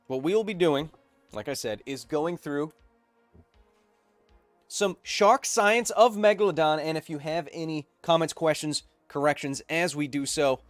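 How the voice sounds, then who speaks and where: A man's voice: a little high, no echo. A man hosting a live science stream, talking in a playful, joking way with rambling asides. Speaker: host.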